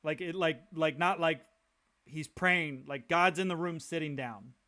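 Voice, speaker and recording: A podcast co-host with a slightly high, sharp-toned voice chats casually at an unhurried pace. He tells rambling stories, acts out the voices in them, and laughs often.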